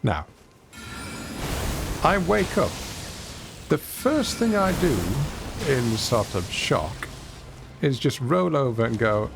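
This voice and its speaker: A man's voice: medium pitch, slow, gravelly, pauses often, music in the background. A man streaming a video game, telling rambling, self-mocking stories and reacting aloud to play. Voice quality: lively, rambling storyteller with self-mocking humour. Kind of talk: casual gameplay commentary and storytelling.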